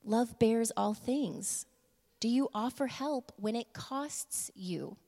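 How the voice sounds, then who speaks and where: A fairly high-voiced woman preaching in a casual, chatty way, with frequent laughs and sudden slowdowns for emphasis. Her voice carries a long reverb, as if she is speaking in a large hall. She sounds like she is talking with the room more than lecturing it. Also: mellow. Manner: conversational, laughs often, shifts between quick asides and slow emphatic lines. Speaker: church speaker. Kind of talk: casual sermon with humor and props.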